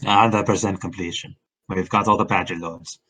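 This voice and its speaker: A man's voice: low voice, fairly even intonation, normal speed, bright, forceful tone, low-quality recording. A man chatting and joking casually while playing through a game with a friend. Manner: joking, laughing between lines. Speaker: let's play co-player. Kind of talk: casual chat over a game.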